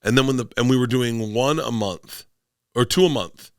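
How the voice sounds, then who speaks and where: A man's voice: medium pitch, moderate pace, no echo, clean studio sound. A middle-aged man from Florida, a comedian guest telling rambling stories in casual podcast chat and acting out quotes in bursts.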